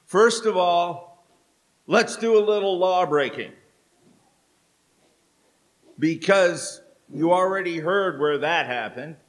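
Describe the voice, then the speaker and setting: A middle-aged man preaching a sermon in church, telling stories with dramatic pauses. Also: high-pitched, lively intonation. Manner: slow, storytelling delivery with dramatic pauses. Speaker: pastor. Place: church sanctuary.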